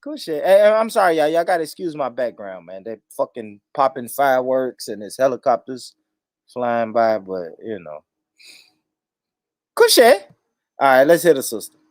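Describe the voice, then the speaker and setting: A man's voice: mid-range voice, lively intonation, normal speed, darkish tone, no echo, studio quality. A man hosting a casual reaction livestream, chatty with viewers, loose and swearing. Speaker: livestream host.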